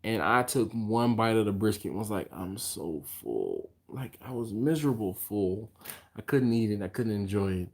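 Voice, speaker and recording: A fairly low-voiced man hosting a casual live stream, tired and yawning between thoughts. He rambles on in a loose, chatty way and stops to answer viewer comments. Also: moderate pace. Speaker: barbecue channel host.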